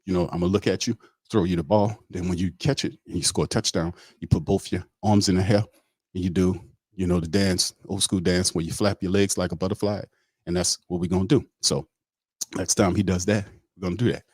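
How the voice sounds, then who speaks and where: A man's voice: sits low, fairly even intonation, fairly quick, darkish tone, breathy edge, no echo. A man doing a rambling, aimless football coach. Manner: meandering, trailing off into fillers.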